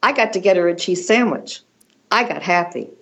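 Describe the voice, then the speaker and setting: An older woman, a fashion designer appearing as a guest, who tells animated stories and often restarts her sentences. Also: lowish voice, brisk, gravelly, rough recording. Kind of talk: conversational storytelling.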